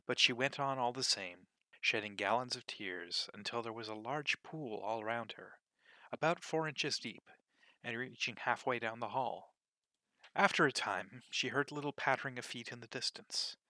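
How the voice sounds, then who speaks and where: Man reading a storybook aloud, very bright tone, dry close sound, expressive and measured. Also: mid-range voice, no echo. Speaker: narrator.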